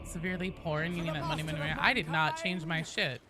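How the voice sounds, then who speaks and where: A woman's voice: sits low, steady tone, quick pace, over music. A woman streaming a game, chatting casually with her viewers, playful and swearing, reading the chat aloud. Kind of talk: casual live-stream chat while gaming.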